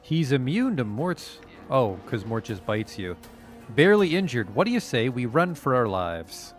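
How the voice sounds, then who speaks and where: A man giving let's-play commentary over his game, dry and sarcastic, cursing without fuss. His voice sits at an ordinary middle pitch, with game music faint beneath. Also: sing-song, a little slow. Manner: sarcastic, swearing casually. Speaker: streamer playing a game.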